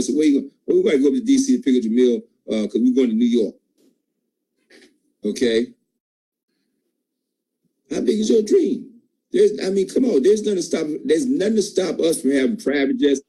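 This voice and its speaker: A man's voice: expressive, fairly quick, mellow, slightly rough, rough recording. A man giving an emphatic, preachy motivational pep talk to his sales team. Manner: emphatic, preachy, jumps in pitch. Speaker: team leader at a sales call.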